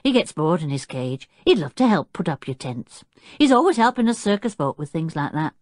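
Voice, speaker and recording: A woman voicing a cheerful circus boy who is proud of his chimpanzee, talking in a bright, eager, chatty way. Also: low-pitched, big pitch swings, a little fast, dry recording, studio quality.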